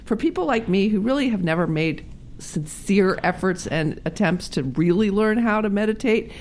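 A woman's voice: mid-range voice, moderate pace, slight background noise. A woman co-hosting a talk show, enthusiastic and chatty. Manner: enthusiastic, lively storyteller. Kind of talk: casual chat.

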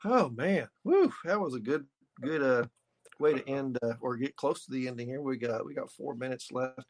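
Man, medium pitch, easygoing host who repeats himself and wraps up the show. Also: expressive, moderate pace. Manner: laughs along, repeats words, many fillers. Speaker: podcast host. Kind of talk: casual chat.

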